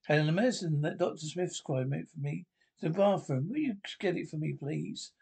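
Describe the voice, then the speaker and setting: A man's voice: fairly high pitch, brisk, gravelly, darkish tone, breathy edge, exaggerated voice. A man voicing a nervous young wife and stepmother, read from a radio script with its stage directions. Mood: anxious. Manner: reads stage directions aloud before lines.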